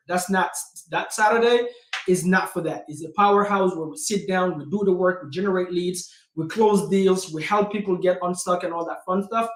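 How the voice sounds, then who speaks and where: A real estate investor who hosts his own channel gives a casual motivational vlog in a high, punchy voice, energetic and direct, constantly calling viewers "guys." He's indoors in a room with a homemade backdrop, and the sound is roomy and echoey.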